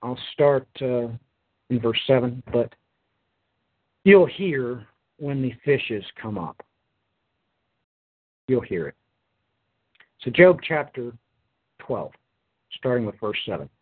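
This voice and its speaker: A man's voice: mid-range voice, expressive, slow pace, long pauses, slightly rough, phone-quality sound. A tired man teaching a Bible lesson, reading scripture aloud and then explaining it with frequent hesitant fillers. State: tired, yawning.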